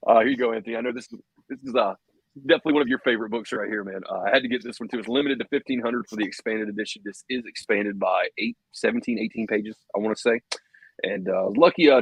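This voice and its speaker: A man's voice: on the low side, breathy edge, dry recording, poor audio. A man co-hosting a podcast, talking in a laid-back, slangy way with casual swearing. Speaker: podcast co-host. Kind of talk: casual chat.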